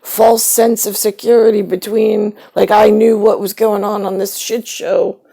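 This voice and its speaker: Gravelly, husky woman telling a rambling story. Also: medium pitch, level tone, unhurried, dark tone. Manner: rambling, wry, acts out quoted relatives. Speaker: vlogger.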